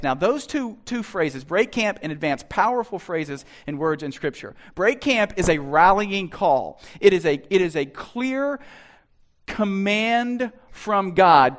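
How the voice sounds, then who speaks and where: A male pastor with a high-pitched voice delivers a sermon in a church. He acts out imagined conversations, swinging from hushed asides to loud, emphatic lines. His delivery is lively and theatrical. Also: normal speed.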